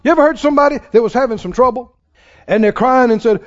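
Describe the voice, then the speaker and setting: A man's voice: very high-pitched, quick pace. A man preaching a sermon in a folksy, emphatic way, acting out the people he quotes. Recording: dull sound with long hall reverb.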